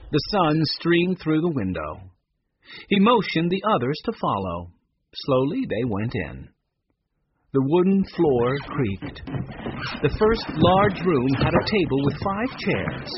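A man narrating a children's book aloud with expressive storytelling. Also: mid-range voice, highs cut off, background noise. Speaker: audiobook narrator. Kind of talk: children's audiobook reading.

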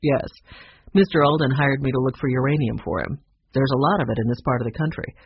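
A friendly young prospector in a storybook, calm and reassuring as he explains things, as a narrator puts him on. His voice is gravelly and pitched a bit low. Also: quick pace, lo-fi sound.

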